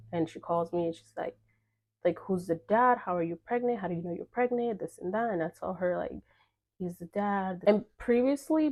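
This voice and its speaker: A young woman with a lowish, mellow voice tells a personal story in a casual vlog. Her chatty delivery is full of fillers, and she acts out the quoted dialogue.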